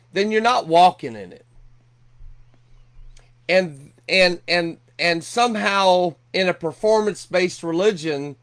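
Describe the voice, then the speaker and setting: A man's voice: sits high, a bit bright. A middle-aged man preaching a sermon earnestly, often repeating and restarting his words. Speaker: pastor.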